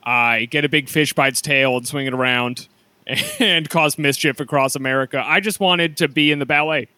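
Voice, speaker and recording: A man voicing a gentle male warrior who wistfully confesses he wanted to dance. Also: fairly high pitch, moderate pace, no room sound, pitched below the performer's own voice.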